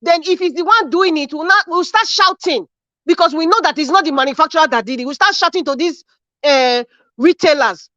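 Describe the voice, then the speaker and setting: A woman's voice: sits high, fairly quick, a bit bright, no room sound. A woman with a Nigerian accent, calling into a live show with impassioned social commentary, repeating phrases fervently like a preacher. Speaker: caller on a live stream show. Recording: dull lo-fi dry stream audio.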